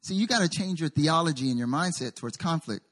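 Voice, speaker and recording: A man pastor preaching a sermon, animated, with call-and-response to the congregation and story-telling asides. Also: fairly high pitch, quick pace.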